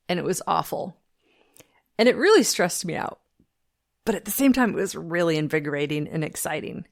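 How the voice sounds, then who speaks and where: A woman hosting her own fitness podcast, telling a story in an upbeat, chatty way with frequent fillers. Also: on the low side. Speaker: podcast host. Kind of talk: casual solo podcast talk.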